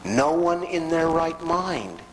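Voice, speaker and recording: Animated, folksy male lecturer. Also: a little high, slow pace, a little hiss or hum, rough recording. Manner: animated, folksy, frequent asides. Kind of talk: storytelling lecture to an audience.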